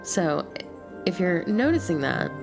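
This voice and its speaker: A woman streamer with a slight lisp chats casually with her viewers, her low voice carrying a gravelly fry. Clear music plays behind her on a desk mic. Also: very animated, a little slow. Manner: chatty, apologetic asides to viewers. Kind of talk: casual game stream chat. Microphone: desk mic near keyboard.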